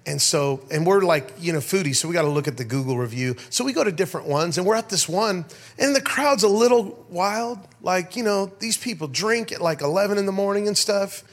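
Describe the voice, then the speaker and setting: A middle-aged pastor giving a sermon, telling stories in an animated way and calling out to his congregation. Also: sits high, normal speed. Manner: animated storyteller, rhetorical calls to the crowd. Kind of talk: sermon with storytelling.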